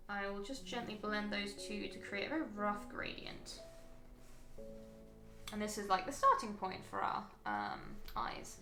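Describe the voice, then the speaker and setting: A woman's voice: medium pitch, reverberant. A woman chatting casually and thinking aloud as she walks viewers through a live painting stream. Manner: chatty, thinking aloud while working, frequent ums.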